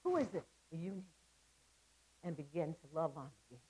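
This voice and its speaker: A woman's voice: sits low, big pitch swings, fast talker, warm tone, breathy edge, poor audio. A middle-aged woman giving a testimony sermon to women, impassioned and repetitive, with stammered restarts. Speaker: women's ministry speaker.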